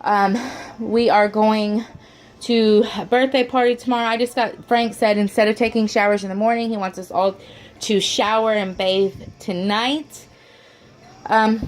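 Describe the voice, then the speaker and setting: A woman's voice: medium pitch, a little hiss or hum. Chatty woman vlogging at home. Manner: chatty and rambling, many fillers and restarts; homey, says "y'all". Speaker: vlogger and mother of four. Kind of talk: casual chat to camera. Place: at home, indoors.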